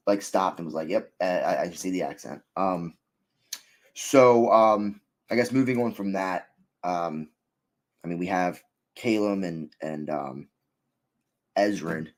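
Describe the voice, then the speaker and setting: A man co-hosting a casual review chat, rambling with many fillers and restarts. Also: deep voice. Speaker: co-host reviewing an episode.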